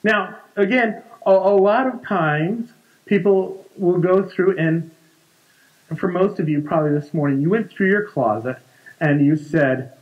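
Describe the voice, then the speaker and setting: A man's voice: high voice, a little slow, dull audio. A man in his forties preaching a conversational sermon in a church, often repeating words and restarting sentences. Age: 40s. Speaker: pastor.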